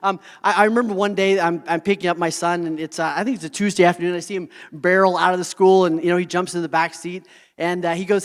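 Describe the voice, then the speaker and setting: This motivational speaker addresses a live audience in a reverberant hall, sharing heartfelt personal stories and often checking in with the crowd. He is earnest, with a high-pitched, flat delivery that comes out fast, clear, and resonant.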